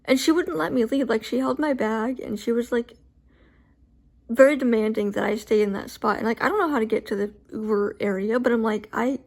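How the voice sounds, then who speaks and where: Animated woman with a high-set voice. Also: a little fast. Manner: animated, filler-heavy, acts out her own reactions. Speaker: vlogger telling a personal story. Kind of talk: casual storytelling to camera.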